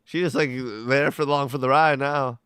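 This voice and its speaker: A man's voice: mid-range voice, little pitch movement, moderate pace, fairly bright tone, slight background noise. A male host giving profane, mocking commentary on news clips, talking bluntly and swearing freely. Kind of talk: profane, heated political commentary.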